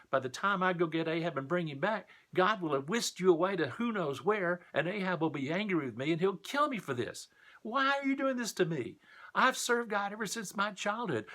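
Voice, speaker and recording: A man's voice: high voice, a bit bright, voice pushed up. A man voicing a panicked royal advisor who pleads in a frantic, whiny way. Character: panicked middle-aged male royal advisor.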